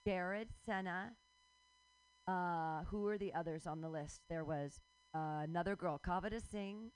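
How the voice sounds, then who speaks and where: With a lowish voice on a rough recording, a fortysomething woman hosting a radio show rants in a lively, casual way, cursing freely and breaking into frequent laughter.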